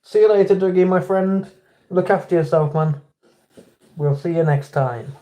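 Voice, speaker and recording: A man with an English accent hosts a casual livestream, chatting with viewers and greeting them by name. His voice is high and warm, at a normal speed.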